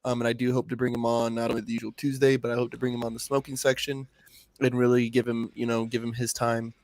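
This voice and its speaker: A man co-hosting a podcast, talking casually in a rambling, heartfelt way and swearing freely. His voice sits at an ordinary pitch. The sound is dry, with no room around it. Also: level tone, quick pace, a little mellow, dry recording. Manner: profane, rambling, heartfelt storytelling. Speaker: podcast co-host. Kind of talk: casual chat.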